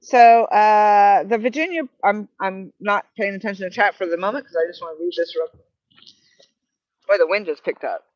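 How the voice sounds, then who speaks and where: Outdoors beside the water, a New Hampshire woman from New England hosts a casual live stream and reads out viewer comments. Her medium-pitched voice is a little mellow at normal speed, and the Bluetooth headset gives a dry, lo-fi sound.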